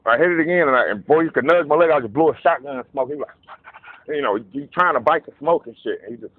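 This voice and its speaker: A man telling a casual, profane story, animated and acting out voices in quotes. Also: a little high, fast talker. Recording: narrow phone-like dry sound.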